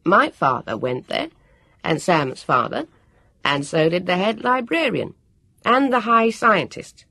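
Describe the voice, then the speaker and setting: A woman reading aloud, voicing a clever boy who explains his plans in a brisk, lordly way. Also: fairly low pitch, sing-song, gravelly, sharp tone, dry recording, studio quality, pitched above the performer's own voice, exaggerated voice.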